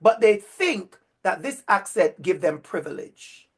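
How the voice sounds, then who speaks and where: Speaking to future teachers at a university, a Jamaican-accented lecturer drives his points in through repeated, preacher-style emphasis. He sounds high, animated and slightly rough, keeping a measured pace.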